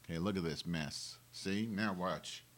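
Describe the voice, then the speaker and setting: Low-voiced man ranting profanely at home. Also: unhurried, a bit bright. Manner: profane, erratic, abrupt outbursts. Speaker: host of a live webcam show. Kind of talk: rambling live-stream monologue. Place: home, moving into the kitchen. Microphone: wireless mic.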